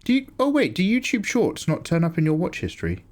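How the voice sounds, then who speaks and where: A man talks through a drawing livestream in a loose, joking way, drifting from one aside to the next. His pitch rises and falls a great deal, so even small remarks sound animated. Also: a little fast. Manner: chatty, joking, rambling asides. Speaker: art streamer. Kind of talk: casual livestream chat while drawing.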